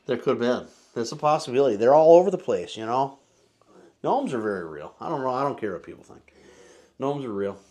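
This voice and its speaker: Animated, playful man with a lively pitch. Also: brisk. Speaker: co-host. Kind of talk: casual chat while sampling drinks.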